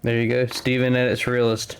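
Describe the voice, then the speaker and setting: A man's voice: medium pitch, completely flat delivery, fairly quick, soft background music. A man co-hosting a live tabletop game stream, chatting casually and laughing easily. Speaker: stream co-host and commentator.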